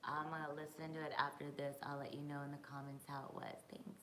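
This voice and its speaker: A woman's voice: deep voice, level tone, quick pace, bright, forceful tone. A woman hosting a casual live-stream Q&A, chatting with viewers and reading their comments aloud with plenty of fillers. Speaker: boxing podcast host. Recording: echoey room with faint noise.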